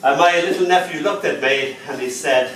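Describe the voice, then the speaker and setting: An older man with an Irish accent spins anecdotes and poems for a live crowd, his voice sitting a touch higher than most men's and leaping around as he plays the people in his tales. He is picked up from a distance, so the room rings around him with a faint hum of ambience underneath. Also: moderate pace. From Ireland. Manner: animated, jumps into voices with big pitch leaps. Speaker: poet and storyteller. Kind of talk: live storytelling and poetry performance. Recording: roomy sound from a distant mic, faint ambience.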